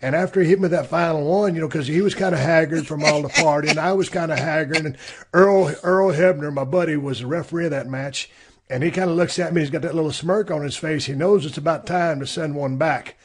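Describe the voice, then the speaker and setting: A man's voice: a little high, fairly quick, noisy background. A middle-aged man hosting a podcast, telling his own stories in a laid-back, rambling, profane way. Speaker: podcast host. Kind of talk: casual storytelling. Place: podcast studio.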